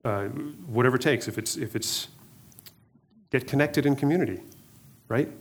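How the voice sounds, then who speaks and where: A middle-aged pastor delivers a casual, conversational sermon, often repeating words, restarting sentences, and slipping in joking asides. His voice is medium in pitch and moves at a normal speed.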